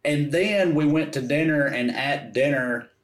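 A man from the Southern United States, telling travel stories as a podcast co-host in an animated, profane way. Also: a little high, measured pace, roomy sound. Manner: animated storytelling, profane, acts out quotes. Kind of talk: casual chat.

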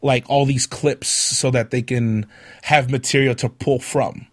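Relaxed man in casual banter. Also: mid-range voice, a little slow, dry recording, clean studio sound. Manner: relaxed, joking, explains at length. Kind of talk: casual chat.

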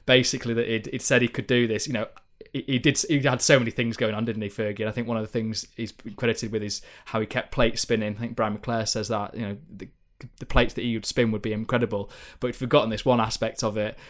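A man's voice: on the low side, little pitch movement, fast. A young man, a football correspondent, telling stories in a chatty, rambling way on a podcast. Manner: chatty storyteller, many ums and restarts. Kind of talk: podcast chat.

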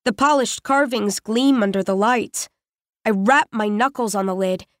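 A woman reading a scripted first-person story in a measured, tense, intimate manner. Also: mid-range voice, fairly bright tone, no echo. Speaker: narrator. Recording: dry close studio voice.

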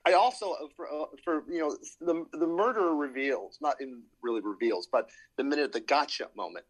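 A man's voice: on the high side, brisk, low-quality recording. A man in casual panel chat, talking in a rambling way with many ums and restarts. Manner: rambling, hesitant with many fillers.

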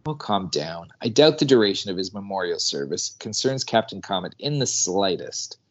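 Snooty alien scientist, dry and condescending, low voice, read by a man. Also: very animated, moderate pace, lo-fi sound. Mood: dismissive. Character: aloof alien male scientist, dismissive.

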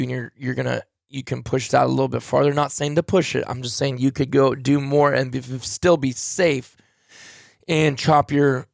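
Male podcast host, mid pitch, gravelly texture, dry sound; tired, rambling, casual delivery. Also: dry recording. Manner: rambling, conversational, many fillers. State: tired, yawning. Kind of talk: casual solo podcast talk answering a listener.

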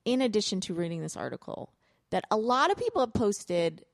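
A woman in her thirties talks through a family story in a relaxed podcast chat. Her pitch rises and falls all over the place as she acts out her kids, and her lower notes go gravelly. The sound is close and dry, with no room around it. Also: brisk, no room sound. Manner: animated storytelling, acts out kids' voices. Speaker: podcast co-host, parent. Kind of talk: casual chat.

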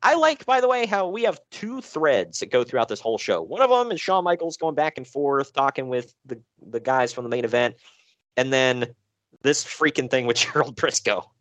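A man co-hosting a casual podcast chat, recapping wrestling shows in an animated, joking way with frequent laughs. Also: moderate pace, no room sound. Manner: animated, laughing, swearing, jumps in pitch.

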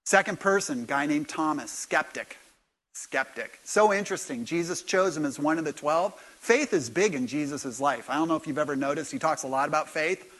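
Man, pastor, sermon, high voice, animated, sudden loud bursts. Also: moderate pace. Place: church.

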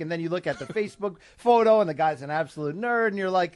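A man's voice: sits high, lively intonation, fast talker, hardly any pauses. A man co-hosting a sports talk show, telling jokey stories and acting out voices. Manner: jokey storyteller, acts out voices. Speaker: podcast co-host. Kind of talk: casual sports chat.

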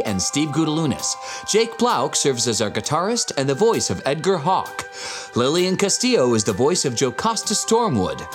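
A man narrating as game master of a tabletop role-play podcast, telling the scene vividly and theatrically. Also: fairly high pitch. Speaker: game master and head writer.

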